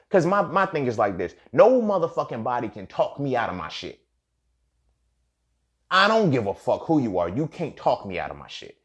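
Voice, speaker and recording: A man hosting a podcast, telling a story in a casual, profane, animated way that rises to near-shouting when he gets worked up. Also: mid-range voice, a little fast. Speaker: podcast host.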